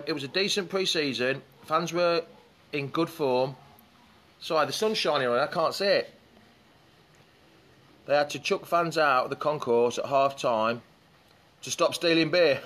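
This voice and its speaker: A man with a slightly high voice hosts a relaxed live stream from beside a pool in the open air. He talks in a loose, chatty way, reading out viewers' comments and greeting them as he goes. The sound comes from a camera or phone set up poolside. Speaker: fan show host. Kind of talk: casual live-stream chat. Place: outdoors beside a swimming pool in the sun.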